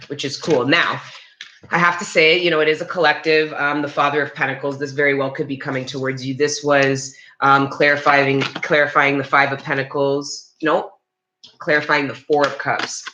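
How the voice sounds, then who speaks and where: A woman's voice: deep voice, steady tone, normal speed, pushed and bright, dull audio, slight background noise. A woman giving a live-streamed tarot reading, rambling and chatty with many restarts, and talking straight to her viewers. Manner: talks to live chat viewers. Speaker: tarot reader. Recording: roomy echo.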